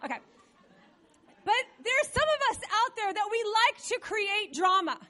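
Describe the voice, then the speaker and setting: Animated, high-voiced woman preaching. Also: unhurried. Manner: dramatic and animated, acting out quoted voices. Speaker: pastor. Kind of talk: sermon. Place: church.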